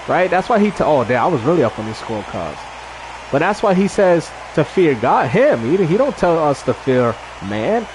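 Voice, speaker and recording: A man's voice: fairly high pitch, very animated, moderate pace, background noise. A man streaming a game while talking casually to his chat, preachy and emphatic. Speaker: gaming streamer. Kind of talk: casual livestream talk.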